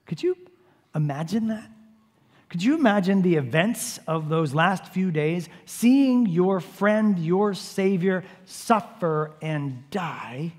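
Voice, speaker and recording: A man preaching a sermon, retelling a story vividly and repeatedly urging his listeners to imagine the scene. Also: on the high side. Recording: long hall reverb.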